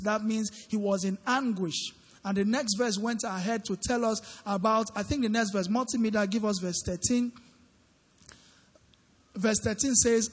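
A man with a high voice preaches in an interactive style, quizzing his congregation and prompting them to call back answers. His voice rings through a large church hall with a long tail of reverb. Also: steady tone, normal speed. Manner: questioning the congregation, call-and-response. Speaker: preacher leading a midweek Bible study. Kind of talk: interactive sermon. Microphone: handheld microphone.

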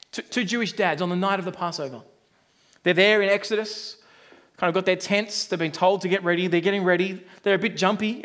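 High-voiced man preaching casually. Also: fairly bright tone. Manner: conversational, joking with the congregation. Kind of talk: sermon.

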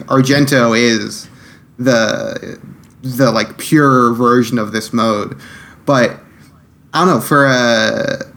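A man co-hosting a film podcast, talking casually in a halting way as he searches for words. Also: mid-range voice, a bit bright. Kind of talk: casual film review chat.

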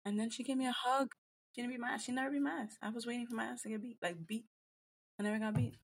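Husky, animated woman telling stories. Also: on the high side, quick pace. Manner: animated, acts out quotes in Spanish. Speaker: guest. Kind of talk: casual podcast storytelling.

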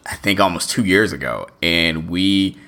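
A man's voice: deep voice, unhurried, pushed and bright. A man co-hosting a fan podcast, chatting in a laid-back way, full of "like" and little laughs. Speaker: podcast co-host. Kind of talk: casual chat.

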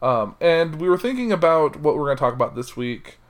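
A man's voice: fairly high pitch, big pitch swings, a little fast. A young adult man co-hosting a casual chat podcast, slipping into a mock news-anchor delivery. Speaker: podcast co-host.

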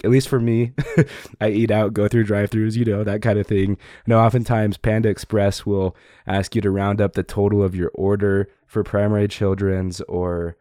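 A young man hosts a podcast while sick, his voice deep, dark and strained. He talks casually and encouragingly, filling pauses with uh and you know. The recording is dry and close. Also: no echo. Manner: upbeat, encouraging, with frequent fillers. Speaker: podcast host. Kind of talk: casual solo podcast talk.

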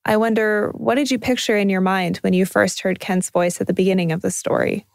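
A woman with a Canadian accent, calmly telling a personal documentary story in scripted narration. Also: medium pitch, a little fast, vocal fry, dry recording. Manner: calm, reflective storytelling.

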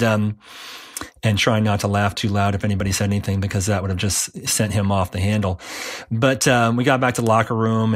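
A middle-aged man casually recalling his school sports days, relaxed and rambling with many fillers. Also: on the low side. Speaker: interviewee, former player. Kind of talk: casual recollection.

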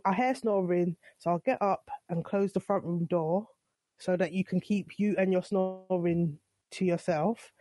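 A woman's voice: fairly low pitch, dark tone, no echo. A young adult woman telling her side of a story in a casual, exasperated way, acting out what was said. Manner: exasperated, retelling with quoted dialogue.

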